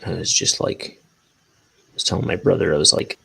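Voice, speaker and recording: Low gravelly man in rambling chat. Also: fairly even intonation, moderate pace, long pauses, pushed and bright, rough recording. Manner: rambling, self-deprecating. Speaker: cartoonist inking a graphic novel. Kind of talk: casual chat while working.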